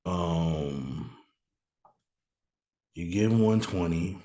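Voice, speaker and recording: A man's voice: deep voice, extremely slow, dark tone. A man hosting a show, talking through a mock draft in a casual, think-aloud way, with bursts of joking outrage. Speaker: podcast host doing a mock draft. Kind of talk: casual solo commentary. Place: room at home, noise outside.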